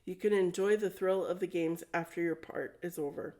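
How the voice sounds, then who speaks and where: A steady, protective dwarf coach, read by a woman in a storybook. His lines come out firm and level in a mellow, lowish voice. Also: normal speed, lightly acted.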